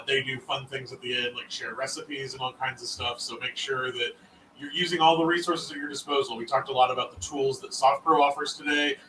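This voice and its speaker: An easygoing man hosts a webinar over a video call. His voice is bright and forceful. He sits back from the mic, and the room echoes around him. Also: medium pitch, far from the mic, a little hiss or hum. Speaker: webinar host. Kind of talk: casual webinar sign-off.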